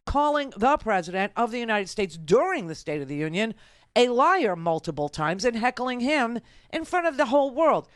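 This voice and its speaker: A woman's voice: fairly high pitch, dry recording, clean studio sound. Sarcastic woman radio host. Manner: sarcastic, combative. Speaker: radio talk show host. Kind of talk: political commentary.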